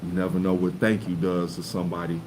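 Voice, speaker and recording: Low-voiced man telling stories, casual. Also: little pitch movement, quick pace, a little mellow, a little hiss or hum, low-quality recording. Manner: storytelling, acts out quoted voices with rising pitch. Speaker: podcast co-host. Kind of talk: casual chat.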